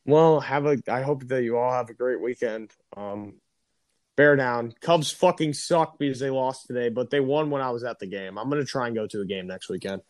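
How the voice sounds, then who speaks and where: A man's voice: mid-range voice, no echo. A young man hosting a podcast in casual banter, ranting and swearing in a grumbling way. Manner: profane, grumbling, quick to rant. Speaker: podcast host. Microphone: recorded over a phone or call.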